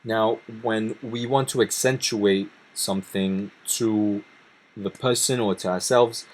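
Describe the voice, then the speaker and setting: Explaining grammar over slides, a lowish-voiced man with a bit of mellowness works through a language lesson step by step. Between English explanations, he methodically reads Spanish examples aloud.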